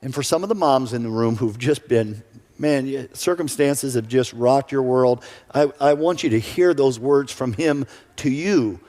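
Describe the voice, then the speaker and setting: A man's voice: medium pitch, normal speed, darkish tone. A male pastor giving an earnest sermon who often repeats his first words when starting a sentence. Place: church sanctuary. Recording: church hall reverb.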